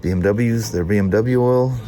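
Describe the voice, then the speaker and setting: A man's voice: lowish voice, moderate pace, dark tone, a little hiss or hum. A man with a nasal, hay-fever voice, chatting casually as a motorcycle mechanic in a workshop vlog, rambling with restarts and small chuckles.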